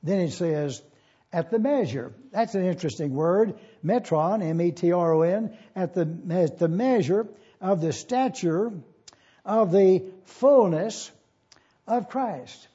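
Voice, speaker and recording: A pastor teaching a Bible lesson, spelling out words letter by letter and repeating key phrases slowly. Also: male voice, high voice, animated, warm tone, breathy edge. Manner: slow, deliberate, spells out Greek words letter by letter. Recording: dull lo-fi sermon recording.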